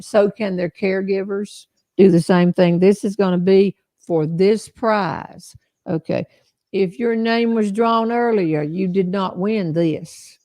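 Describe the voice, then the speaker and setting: A woman's voice: mid-range voice, dark tone, no room sound. An older woman hosting a casual live chat, joking and telling stories in a folksy way. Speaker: host.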